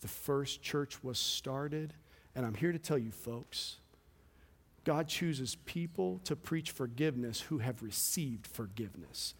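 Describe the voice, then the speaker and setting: A man preaching a sermon as pastor, with passionate delivery that swings between loud emphasis and quiet, hushed moments. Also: on the high side, animated, a little slow. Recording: long hall reverb.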